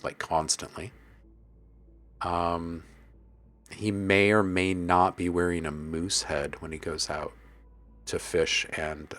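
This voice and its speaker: A man hosting a casual live stream about making music, joking with his chat, reading their messages aloud and laughing often. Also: sits low. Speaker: livestream host and music producer.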